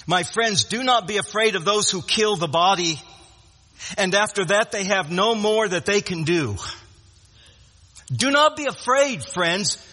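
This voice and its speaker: High bright-voiced man preaching a sermon. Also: big-room sound. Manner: emphatic, repeats words and restarts phrases.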